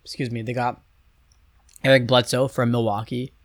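A young man chatting loosely on a sports podcast, circling back and restarting his sentences as he thinks aloud. His voice sits at an ordinary pitch, recorded dry and close with no room sound. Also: level tone, normal speed, no echo. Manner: rambling, hesitant, many restarts and fillers. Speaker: podcast co-host. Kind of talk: casual sports chat.

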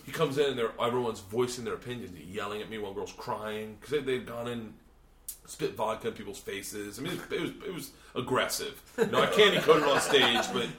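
A man's voice: medium pitch, brisk, bright, forceful tone, echoey room. A man telling a long, profane story casually in a hotel room, laughing often and acting out the people he quotes. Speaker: podcast host and comedian.

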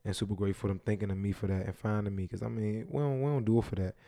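A man's voice: on the low side, steady tone, very fast, gravelly, dark tone, dry recording, clean studio sound. A man co-hosting a podcast, laid-back and profane, often saying "you know what I mean". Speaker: podcast co-host. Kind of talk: casual chat.

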